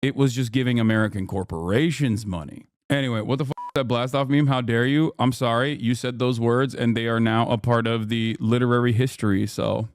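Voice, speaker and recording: A man's voice: medium pitch, steady tone, fairly quick, hardly any pauses. A man in his thirties giving casual, sarcastic live-stream commentary on the news, mocking and rambling.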